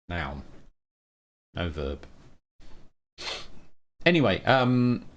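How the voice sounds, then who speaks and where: A man chatting with his viewers on a live stream as he works, drifting into musings and wordplay. His pitch rises and falls a lot as he talks. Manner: musing, wordplay-loving, talks to chat by name. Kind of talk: casual live-stream chat while coding.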